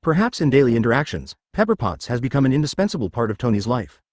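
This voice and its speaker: A man's voice: medium pitch, sing-song, fast, no room sound, clean studio sound. A man narrating a fan story in a scripted, machine-read style.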